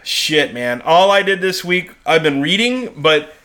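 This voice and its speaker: A man's voice: a little high, lively intonation, unhurried, bright, forceful tone. A man co-hosting a podcast in casual chat, swearing freely and laughing often. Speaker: podcast co-host.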